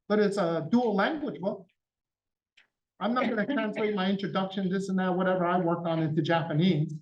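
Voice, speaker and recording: A man's voice: sits high, recorded from a distance. A middle-aged man giving a public talk, telling a family story in a conversational way and acting out the lines of the people in it. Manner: conversational storytelling, acting out quoted dialogue with his father. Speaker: guest speaker. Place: event hall. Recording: dull sound, speaker somewhat off mic.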